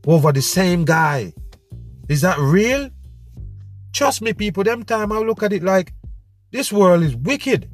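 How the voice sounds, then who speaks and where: High-voiced man ranting, faint music behind. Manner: animated, preachy storytelling with street slang. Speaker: podcast host. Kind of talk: casual monologue.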